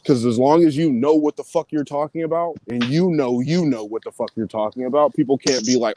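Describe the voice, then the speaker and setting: Animated, cursing man telling his story. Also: medium pitch, brisk, hardly any pauses, slight background noise. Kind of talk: casual chat.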